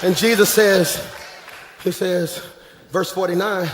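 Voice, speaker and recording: A man preaching a sermon as pastor, shouting and half-singing his lines, calling out to the congregation from the stage. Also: high-pitched, slow, pauses often. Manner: shouting, sing-song preaching with crowd call-outs. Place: large church hall. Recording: echoey live church hall.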